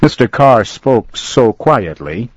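A man narrating a story in slow, plain, carefully spoken language for learners. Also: medium pitch, big pitch swings, husky, no room sound.

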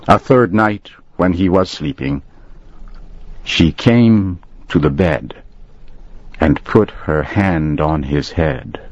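Deep slow-reading male storyteller. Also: dry recording. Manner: clear, measured, expressive reading. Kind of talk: slow scripted story narration. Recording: dull dry lo-fi audio.

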